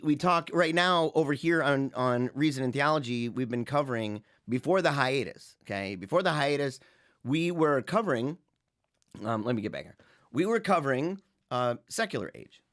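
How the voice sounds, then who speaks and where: A man hosting a casual livestream, talking loosely with frequent restarts and chuckles, swinging from loud and lively to quiet. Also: fairly high pitch. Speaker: host.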